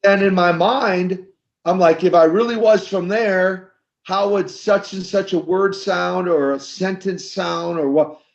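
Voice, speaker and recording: Older guy telling stories, acts out the conversations, kinda high voice, bit dull lo-fi sound. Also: unhurried, creaky. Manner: animated storyteller acting out dialogue. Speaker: guest, former wrestler turned minister. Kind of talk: storytelling interview.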